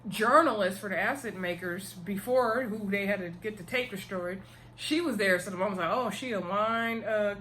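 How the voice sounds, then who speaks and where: A woman's voice: mid-range voice, moderate pace, slight background noise. Chatty woman recapping a TV episode. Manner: chatty, animated retelling with slang and playful asides. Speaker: TV episode reviewer.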